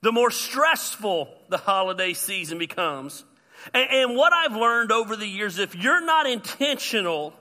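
A man, a pastor preaching an animated sermon with self-deprecating humor. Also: sits high. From US South.

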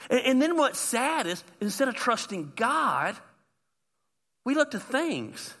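A man preaching with a high, very bright, sharp voice. He is animated, jumping between loud shouts and quiet, gentle asides. His words ring with the long reverb of a big hall. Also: slow pace, husky. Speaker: pastor. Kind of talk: sermon.

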